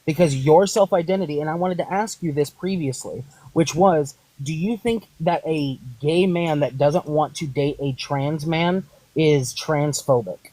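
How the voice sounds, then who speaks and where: A man's voice: fairly high pitch, a little slow, mellow, dry recording, rough recording. A man hosting a heated online debate, pressing his point with pointed rhetorical questions.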